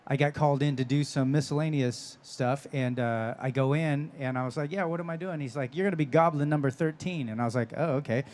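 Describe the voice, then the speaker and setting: Animated man telling a convention story. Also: mid-range voice, slight background noise. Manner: animated storyteller, laughs often. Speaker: voice actor guest. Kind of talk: convention panel Q&A. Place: convention stage.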